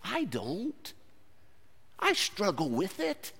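A man preaching with a high, lively voice that leaps up and drops to near-hushed lines. He talks to the congregation in a plain, earnest way. The sound rings with the long reverb of a church sanctuary. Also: drawn-out words, creaky, slightly rough. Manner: earnest, conversational preaching with sudden swings from loud to quiet. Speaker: pastor. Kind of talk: sermon.

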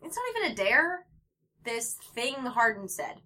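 A woman with a bright, ringing voice that sits a little high, co-hosting a casual chat. She talks in an animated way, with swings in pitch, frequent laughs and free swearing. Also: moderate pace.

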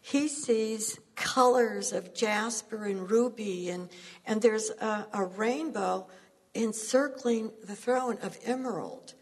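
A woman's voice: fairly high pitch, slow pace, slightly rough, in a large hall. A woman preaching a sermon, telling stories earnestly and laughing at herself now and then.

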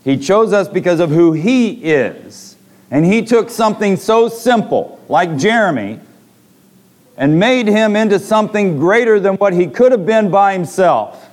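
A man's voice: sits high, lively intonation, unhurried, a little mellow. A man preaching a sermon to a congregation, reading scripture and retelling stories with dramatic voiced quotes.

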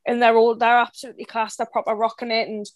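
A young woman from the North East of England with a broad Geordie accent talks in a high, bright register. She rambles eagerly through casual podcast chat, packed with local slang. The sound is close and dry, with no room around it. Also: little pitch movement, quick pace, no echo. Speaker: guest.

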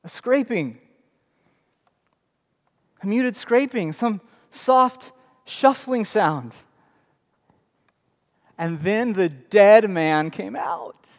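A man's voice: high voice, drawn-out words, pauses often. A young adult man preaching a sermon, telling the story dramatically with emphatic rhetorical questions. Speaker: pastor. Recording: long reverb in a large hall.

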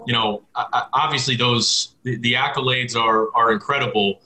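A man co-hosting a podcast interview, speaking in a halting way with many restarts. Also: mid-range voice, steady tone, sharp tone, slight background noise, poor audio. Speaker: podcast co-host.

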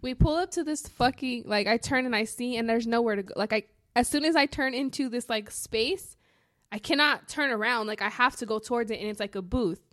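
A woman co-hosting a podcast, telling a story in a casual, profane, animated way. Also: fairly high pitch, a little fast, no echo. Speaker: podcast co-host.

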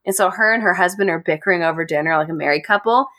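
A woman host casually retelling a dark fairy tale to friends, chatty and animated. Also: fairly low pitch, racing. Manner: chatty, animated, laughs often. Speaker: podcast host.

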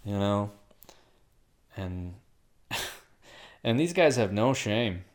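A man's voice: fairly low pitch, expressive, drawn-out words. A young man in casual podcast chat, telling profane, crude stories and laughing at his own jokes.

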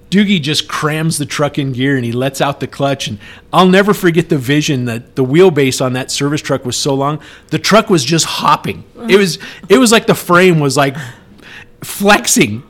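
A middle-aged man telling a story in a casual chat, animated and acting out the shouted lines. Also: a little high. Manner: animated, acts out yelled quotes.

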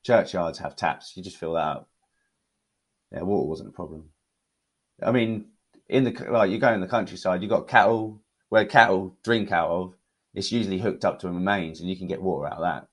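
British man, lowish voice, relaxed, chatty podcast guest. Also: a little fast, breathy edge. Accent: British English. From United Kingdom. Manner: relaxed, chatty, many fillers. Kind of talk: casual conversational storytelling.

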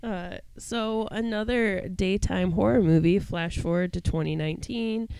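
A woman co-hosting a podcast in casual chat, talking in an unhurried, laid-back way. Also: mid-range voice, vocal fry, dark tone, clear, resonant tone, no echo. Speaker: podcast co-host.

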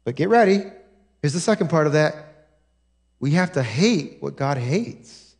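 A man's voice: on the high side, lively intonation, unhurried, creaky, a little mellow. A male pastor preaching a sermon in a church, emphatic and direct, often stopping to say "listen" and check "right?" with the congregation. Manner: emphatic, drives points home with repeated "listen" and "right?". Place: church sanctuary.

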